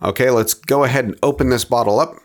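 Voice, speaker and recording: A man hosting a podcast, describing a bottle and tasting it in a measured, descriptive way, with quieter asides as he handles it. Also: medium pitch. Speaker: podcast host reviewing spirits. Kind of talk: scripted review narration.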